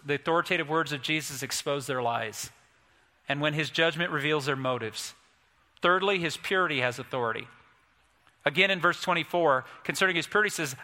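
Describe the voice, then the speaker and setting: A male pastor preaching a sermon, emphatic and storytelling, building to forceful peaks. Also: fairly high pitch. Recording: long hall reverb.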